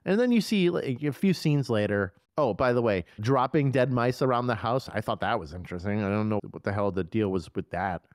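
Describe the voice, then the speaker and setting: A man co-hosting a horror movie podcast who retells scenes in an excitable, profane, animated way. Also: medium pitch, fairly quick, hardly any pauses, dry recording, clean studio sound. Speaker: podcast co-host. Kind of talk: casual movie review chat.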